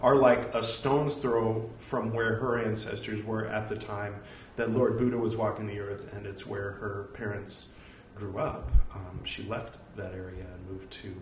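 A man with a Californian American accent speaks in a low voice and wanders from point to point with a joking, self-deprecating ease. He sounds a little off-mic in an echoey room, with faint hum behind him. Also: little pitch movement, measured pace, recorded from a distance. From California, United States. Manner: rambling, self-deprecating, jokey. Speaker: host reading a religious text. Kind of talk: casual spoken aside.

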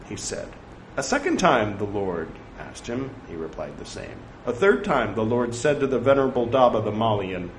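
A man reading scripture aloud, saying the quotes and punctuation out loud and breaking off for chatty side remarks. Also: on the low side, big pitch swings, moderate pace. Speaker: scripture reader. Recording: echoey room with faint background noise.

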